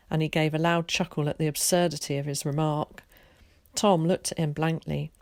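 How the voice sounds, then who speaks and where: A teacher reading a children's story aloud in a calm, steady way. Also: female voice, sits low, moderate pace, no echo, studio quality.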